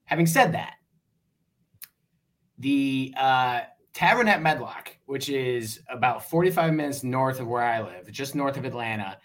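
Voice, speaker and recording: A man with a Western New York accent, chatting casually as a fan club president on a podcast, relaxed and quick to laugh. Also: mid-range voice. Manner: relaxed, laughs easily, many fillers.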